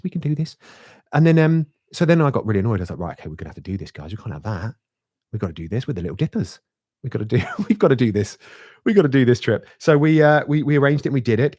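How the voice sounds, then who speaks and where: A middle-aged man, co-hosting a podcast and telling an animated story with laughs and swearing. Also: mid-range voice, no echo, studio quality. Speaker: podcast co-host. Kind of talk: casual chat, storytelling.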